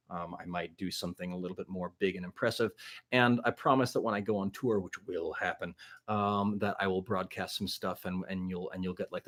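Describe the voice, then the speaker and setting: A man, a musician, chatting casually with his livestream audience between songs, rambling and self-deprecating with lots of fillers. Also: low voice.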